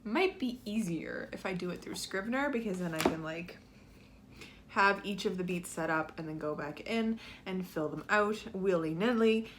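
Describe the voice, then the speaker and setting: A woman's voice: on the low side, lively intonation, moderate pace, a little hiss or hum. A young woman vlogging about planning her novel at home, chatty and bubbly, with fillers and little laughs. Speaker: writing vlogger. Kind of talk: casual chat to camera. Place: home room with a guitar.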